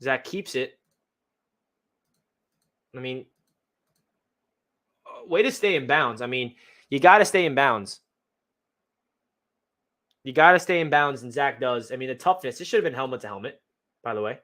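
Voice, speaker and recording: A young man excitedly breaking down game film as a fan analyst, talking in a slangy way full of exclamations. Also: mid-range voice, measured pace, long pauses.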